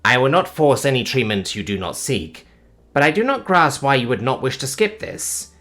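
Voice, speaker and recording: A man's voice: mid-range voice, very animated, normal speed, a bit bright, soft background music. Sci-fi audiobook: male narrator as a formal, literal robot with a caring streak. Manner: formal, stiff, no contractions.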